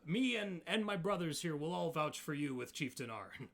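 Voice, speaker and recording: A man's voice: on the high side, lively intonation, a bit bright, pitched above the performer's own voice. A man playing a hearty goliath warrior. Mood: eager. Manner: hearty, halting, keen to compete. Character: eager friendly male goliath warrior.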